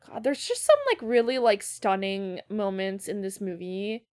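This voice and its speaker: A young woman in casual, excitable movie-reaction chat, swearing freely and using lots of fillers. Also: mid-range voice, unhurried.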